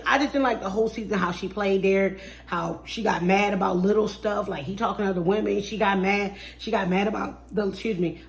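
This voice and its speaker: A woman talks through a reality TV episode in a relaxed, unscripted vlog. Her delivery is blunt and sassy. She flares into animated outbursts and slips into mocking impressions of the people she discusses. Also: medium pitch, gravelly. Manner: mimics people in mocking voices. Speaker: reality TV reviewer. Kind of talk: casual review chat.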